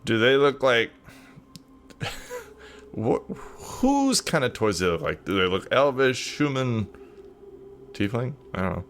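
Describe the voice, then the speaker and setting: A man's voice: medium pitch, very animated, measured pace, pauses often, a bit bright, a little hiss or hum. A man player narrating his character's actions in a playful, casual way. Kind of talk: tabletop role-play.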